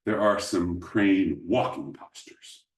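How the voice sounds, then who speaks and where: A man teaching qigong postures step by step, calm and instructive, with dry joking asides. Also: deep voice, slow. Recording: roomy sound, mic at a distance.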